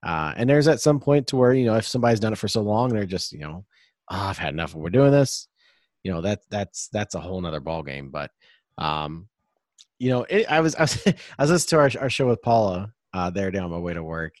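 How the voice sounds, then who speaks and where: A man's voice: fairly low pitch, lively intonation, fast talker, darkish tone, no echo, studio quality. A man hosting a casual sports podcast, rambling and upbeat, hyping up his guest. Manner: rambling, upbeat hype-style introductions. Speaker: podcast host.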